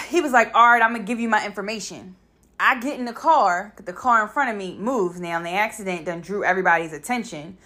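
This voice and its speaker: With a medium-pitched voice, a young woman vlogs a personal story, addressing her audience directly. She's casual and animated, blunt in tone, and doesn't hold back on the swearing.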